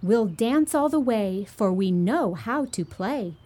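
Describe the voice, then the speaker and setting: Three well-mannered little bears in a storybook, read by a woman; gentle and slow, with a lilting voice. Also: mid-range voice, lively intonation. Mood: polite. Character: three polite little bear cubs from the woods.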